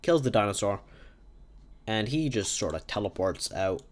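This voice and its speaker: A man's voice: on the low side, sing-song, normal speed. Rambling man improvising a silly story. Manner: rambling, silly, self-correcting. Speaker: podcast host.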